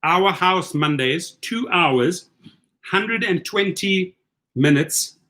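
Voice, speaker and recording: A middle-aged man with a South African accent and a fairly high voice runs a livestream chat. He coaches his listeners with energy and tends to restart and repeat his words. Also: lively intonation, slow pace, bright, forceful tone. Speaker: host. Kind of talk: livestream chat giving advice.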